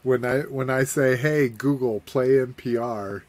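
A man hosting a podcast in casual chat, easily amused and quick to laugh. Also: mid-range voice, fairly even intonation, a little mellow, slight background noise. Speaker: podcast host.

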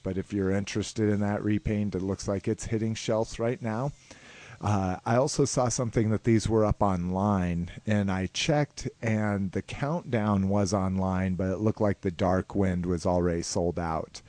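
A man's voice: fairly low pitch, steady tone, a little slow, warm tone, dry recording. A man co-hosting a casual toy-news podcast, patient and easygoing, with plenty of "uh"s between items. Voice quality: laid-back, patient delivery with filler "uh"s. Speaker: podcast co-host.

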